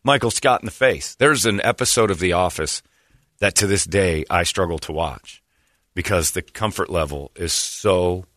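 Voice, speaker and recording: A man hosting a talk show, telling stories in casual, animated chat. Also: low voice, normal speed, no room sound, clean studio sound. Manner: animated, self-amused storyteller who slips into quoted voices. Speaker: radio show host.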